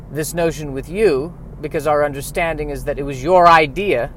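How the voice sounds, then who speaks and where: A man's voice: on the high side, a bit bright, slight background noise. A man playing a pompous, stern older American general who speaks in a formal, declaiming way from inside a car.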